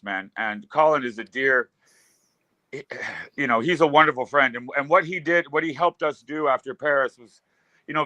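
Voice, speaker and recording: A man's voice: a little high, bright, forceful tone, no echo, muffled recording. A man in his fifties, a guest musician, telling rambling stories with loose fillers in casual talk. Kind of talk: casual storytelling.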